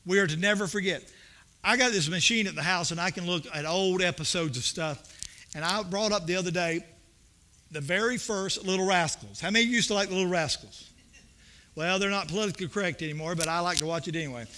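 A man preaching in a church with a high, ringing, forceful voice. He tells homespun stories and swells into emphatic, repeated questions. The delivery moves between soft, conversational asides and bursts of preaching. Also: quick pace. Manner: folksy, storytelling preacher with rising emphatic bursts. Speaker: pastor. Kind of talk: sermon. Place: church sanctuary.

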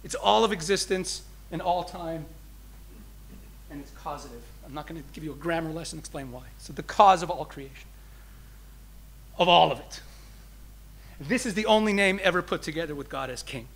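A man with a voice on the high side speaks as a rabbi, giving an explanatory teaching talk to an audience. He varies between emphatic and soft delivery, slowing down over key phrases.

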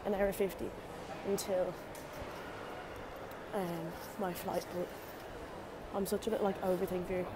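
Chatty Irish young woman on the move. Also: mid-range voice. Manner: chatty, rambling, swears casually. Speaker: vlogger. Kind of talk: casual travel vlog chat. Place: travelling through taxi and airport. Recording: clear travel noise in background. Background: vehicle and ambient noise.

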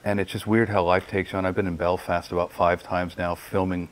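A man interviewing a guest in casual conversation, halting and restarting often. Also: low voice, little pitch movement, rough recording. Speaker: interviewer, professor.

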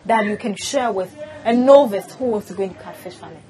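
A woman's voice: mid-range voice, fairly quick, mellow, rough recording. A woman from Ghana hosting an interview, asking questions and giving frequent short affirmations. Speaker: interviewer, host.

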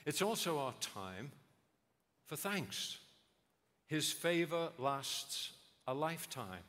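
A man preaching an earnest memorial sermon, rhetorical and lively, sometimes mimicking bland voices in a high tone. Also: slow. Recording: long hall reverb.

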